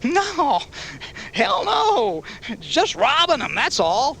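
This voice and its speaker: A man's voice: very high voice, huge pitch swings, drawn-out words, vocal fry, sharp tone, slight background noise, pitched above the performer's own voice, full character voice. A man voicing a wounded, crude biker who screeches and stammers in panic. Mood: panicked.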